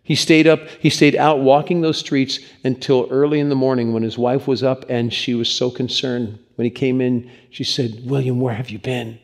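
A man's voice: mid-range voice, little pitch movement, moderate pace, few pauses. A man preaching as a pastor, telling stories in an earnest, conversational sermon, likely in a church.

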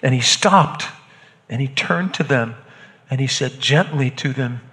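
A man acting a hardened Roman centurion shaken by an execution, talking haltingly and repeating words, in a church drama. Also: mid-range voice, a bit bright, long reverb tail, natural voice. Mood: grave, shaken.

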